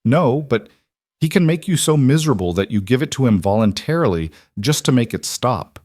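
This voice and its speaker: A man voicing a blunt, seasoned woman lawyer who lays out warnings in a brisk, firm way in an audio story. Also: medium pitch, expressive, a little mellow, no echo, studio quality, lightly acted.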